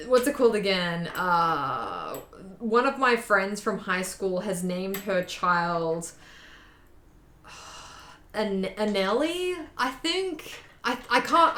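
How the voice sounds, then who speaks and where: A woman's voice: mid-range voice, sharp tone, reverberant. A young Australian woman chatting casually with viewers while she sews, reading comments aloud, joking and laughing at herself. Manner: chatty, self-mocking, laughs often, reads chat aloud. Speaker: sewing streamer. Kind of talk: casual live-stream chat while sewing.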